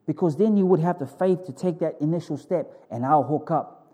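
A pastor speaking as God, pleading with his people in a low, earnest voice. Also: brisk, warm tone, close to an everyday voice.

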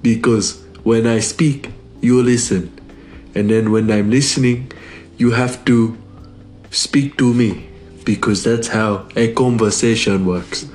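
A man putting on a slow, deep, lecturing voice. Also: steady tone, darkish tone, lightly acted. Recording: echoey room.

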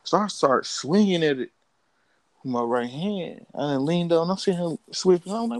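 A man's voice: a little high, animated, moderate pace, darkish tone, dry recording. A young man, a podcast co-host, telling a story in casual slang and acting out his own reactions.

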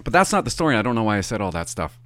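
Animated, rambling middle-aged man storyteller. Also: fairly low pitch, racing, dry recording. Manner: rambling, animated, swears for emphasis. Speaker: hockey parent. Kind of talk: casual storytelling monologue.

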